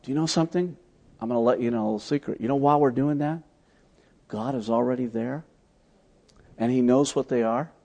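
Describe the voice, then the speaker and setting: A man preaching a sermon, telling stories as he teaches, swinging from loud emphatic lines to soft, hushed ones. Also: medium pitch, brisk, vocal fry, long pauses. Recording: long hall reverb.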